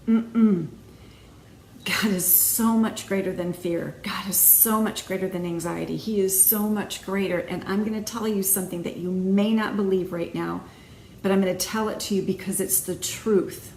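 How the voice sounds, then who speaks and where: A woman with a medium-pitched, fairly even and mellow voice speaks a little slowly while hosting her own video. She gives an earnest, emphatic faith talk to camera meant to encourage, repeating many phrases. The room is echoey, with faint noise.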